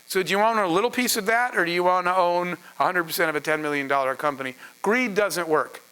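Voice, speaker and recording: A middle-aged man giving a masterclass on building teams, telling an animated story and acting out the voices of the people in it. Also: high voice, rapid-fire, clean tone, low-quality recording. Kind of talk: storytelling lecture to an audience.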